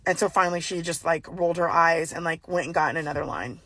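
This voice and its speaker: Animated woman telling a story, dry sound. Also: fast talker, no room sound. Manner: animated, acts out dialogue with exaggerated pitch jumps. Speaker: storyteller recounting a personal encounter. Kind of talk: casual storytelling.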